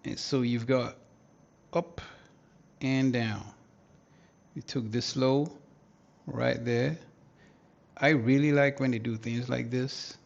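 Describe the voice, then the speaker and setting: A man's voice: mid-range voice, fairly even intonation, slow pace, creaky, pauses often, muffled recording. A man hosting a live market analysis lesson, talking casually in slang and thinking aloud as he goes. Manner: slangy, thinks aloud, hums and mutters to himself. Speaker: trading educator, livestream host.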